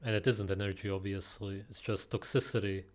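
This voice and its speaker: A man's voice: on the low side, little pitch movement, a little fast. A man giving mocking, sarcastic reaction commentary on a video. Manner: scornful, sarcastic.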